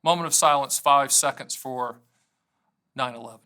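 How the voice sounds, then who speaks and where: A man's voice: medium pitch, normal speed, pushed and bright, smooth. A middle-aged American man hosting a solo video, playful and self-mocking, switching between jokes and explanation. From United States. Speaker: annuity agent and show host. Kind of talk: energetic solo video monologue to camera.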